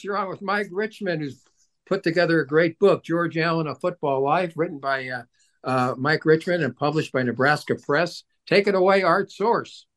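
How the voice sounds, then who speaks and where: A man's voice: on the high side, a bit bright. A man hosting an overnight sports radio show, greeting listeners and interviewing a guest with upbeat emphasis.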